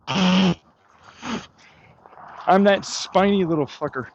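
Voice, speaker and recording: A man's voice: medium pitch, animated, a little slow, pauses often, darkish tone, slight background noise. A man vlogging outdoors while walking his dog, ranting in an agitated, profane way with bitter muttering. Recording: dull lo-fi dry sound.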